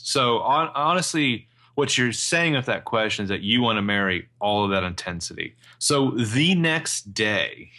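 Bright-voiced sarcastic man. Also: fairly low pitch. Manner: sarcastic, blunt, profane. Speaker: podcast co-host. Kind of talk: casual TV recap chat.

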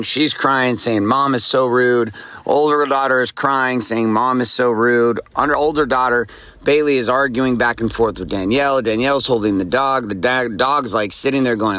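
Male motivational host, bright forceful tone, faint background hiss, hammers home repeated lines. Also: medium pitch. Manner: emphatic, repeats key phrases for effect. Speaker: podcast host. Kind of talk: motivational monologue.

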